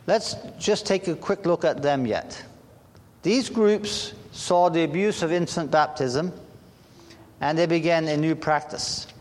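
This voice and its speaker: A man preaching a sermon to a congregation, talking slowly and deliberately with halting restarts. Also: fairly high pitch. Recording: long hall reverb.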